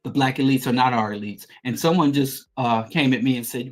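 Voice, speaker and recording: A man's voice: mid-range voice, lively intonation, a little fast, hardly any pauses, faint music behind. Emphatic middle-aged man lecturing. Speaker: podcast host. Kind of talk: political commentary monologue.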